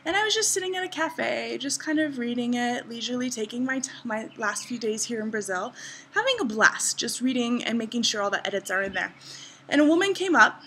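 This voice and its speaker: A woman's voice: a little high, lively intonation, a little fast, fairly bright tone, a little hiss or hum. A woman in her thirties vlogging to camera outdoors in a garden, telling a travel story with bubbly enthusiasm. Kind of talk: casual vlog to camera.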